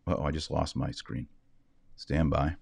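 A bass-voiced man, slightly rough and creaky with a darkish timbre, keeps a steady tone at a moderate pace. He is a Bible teacher sitting at a desk indoors, sharing his screen for an online lecture where he unpacks verses conversationally and answers his own rhetorical questions.

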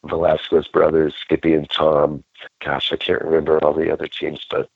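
A man's voice: very deep voice, completely flat delivery, moderate pace, creaky, husky, dry recording, phone-quality sound. A man guest telling a story in a loose, rambling way, often restarting mid-sentence. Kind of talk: casual storytelling.

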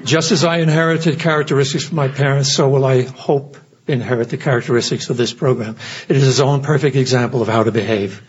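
A man's voice: mid-range voice, steady tone, quick pace, muffled recording, a little hiss or hum. An older man giving an earnest, reflective personal talk at a recovery meeting. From United States. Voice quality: very husky.

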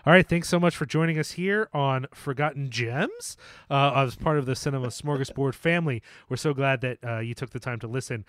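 A man's voice: medium pitch, a little fast, a bit bright, no room sound, clean studio sound. A man co-hosting a casual film podcast, talking loosely with many fillers, restarts and jokes. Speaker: podcast co-host.

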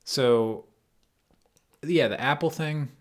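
A man co-hosting a podcast in casual chat. He teases dryly in a calm way. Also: medium pitch, takes it slowly, a little hiss or hum. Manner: calm, dry teasing. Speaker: podcast co-host and editor.

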